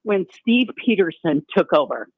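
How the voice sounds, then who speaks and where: A woman's voice: on the low side, moderate pace, slightly rough, no room sound. Older lady calling the radio show, fired up and exasperated, tinny phone sound. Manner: exasperated, animated venting. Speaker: caller. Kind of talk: call-in radio.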